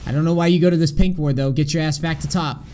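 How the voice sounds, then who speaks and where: A man's voice: fairly high pitch, steady tone, quick pace, dark tone, soft background music. A young man coaching a player over a live stream, blunt and exasperated, swearing often. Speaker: game coach.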